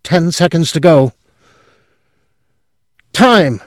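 A man's voice: mid-range voice, very animated, unhurried, a little mellow, no echo, clean studio sound, voice pushed up. A man voicing a nervous, small male clerk who snaps and wails in panic. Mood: frantic. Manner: frantic, snapping and wailing.

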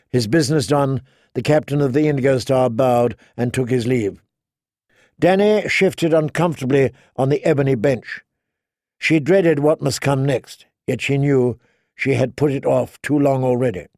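Man, audiobook narrator, gravelly voice, measured storytelling, dry close recording. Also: mid-range voice, a little mellow, dry recording. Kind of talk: scripted narration.

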